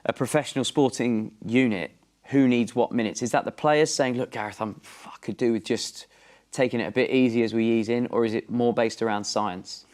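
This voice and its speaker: A man's voice: mid-range voice, steady tone, fairly quick, a little mellow. Man, sports show host, jokey, upbeat. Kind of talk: presenting a pre-match show.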